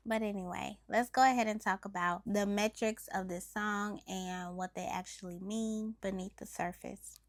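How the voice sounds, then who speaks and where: A woman's voice: mid-range voice, vocal fry, dry recording. Woman methodically explaining music, dry sound. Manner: methodical, explanatory, defines terms as she goes. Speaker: host of a music analysis show. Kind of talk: scripted lyric breakdown.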